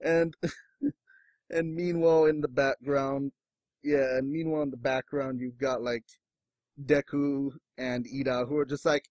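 In a dry recording, an animated podcast co-host discusses manga casually at a moderate pace. He adopts exaggerated high voices when quoting others.

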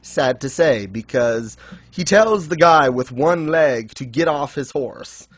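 A man's voice: medium pitch, lively intonation, slow pace, no room sound. Dry-voiced man recapping, laughing often. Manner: chatty, laughs often, acts out quotes. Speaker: podcast host. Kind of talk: casual recap chat.

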